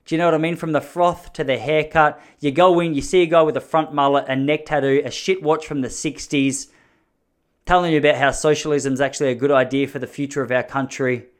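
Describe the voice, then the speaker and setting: A man's voice: a little high, fairly even intonation, a little fast. An Australian man from Melbourne giving a rambling, self-mocking comedic monologue, blunt and sprinkled with swearing.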